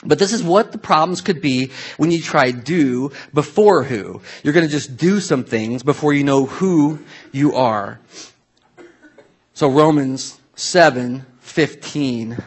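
A man's voice: fairly high pitch, takes it slowly, slightly rough. A man preaching a sermon in a conversational, storytelling way, full of asides to the congregation. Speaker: pastor.

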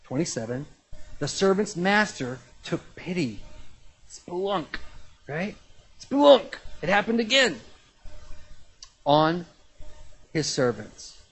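Man, pastor, sermon, husky voice, fairly high-pitched, animated conversational preaching. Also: slow pace, pauses often, low-quality recording.

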